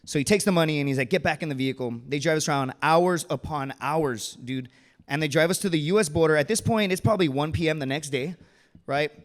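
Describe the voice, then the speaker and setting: Man in his 30s, Marine veteran, live storytelling, casual, animated, fairly high voice, long hall reverb. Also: a little fast. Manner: casual, animated, says dude and right a lot.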